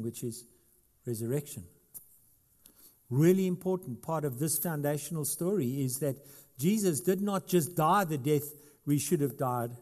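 Preaching to his congregation, a middle-aged pastor shifts from forceful, loud stretches to hushed asides, posing questions and adding touches of humor. His voice runs a little high.

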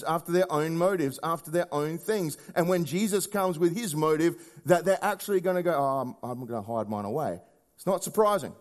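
This man's sermon has a conversational feel, punctuated by rhetorical questions, with his delivery shifting from hushed and low to raised and emphatic.

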